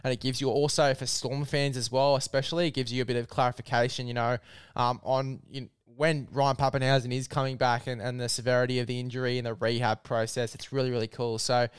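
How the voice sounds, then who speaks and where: This is a man hosting a laid-back sports podcast, talking in a chatty, matey way with plenty of fillers. His voice is smooth and resonant. The recording is dry and close. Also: mid-range voice, little pitch movement, fast, no room sound. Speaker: podcast host. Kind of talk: casual sports chat.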